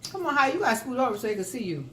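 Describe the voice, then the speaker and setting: A woman's voice: a little high, big pitch swings, racing, slight background noise. Woman, 60s, eating-show vlogger, chatty, teasing, phone mic, echoey room. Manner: chatty, teasing, exclaiming to viewers. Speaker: mukbang vlogger. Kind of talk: casual eating-show chat. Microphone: phone camera.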